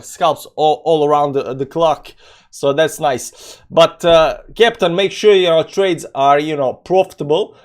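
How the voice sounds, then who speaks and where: Slightly high-voiced rambling male streamer. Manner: loose and rambling, many fillers, greets chat viewers; non-native English phrasing. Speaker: crypto trading live-streamer. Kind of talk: casual live stream, chatting and chart analysis.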